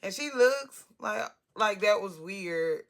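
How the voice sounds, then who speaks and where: A woman in her forties tells a personal story in a casual vlog. Her voice is bright with a gravelly, creaky texture, and she talks in an animated, blunt and talkative way, swearing freely. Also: mid-range voice, slow. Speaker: hairstylist telling a story.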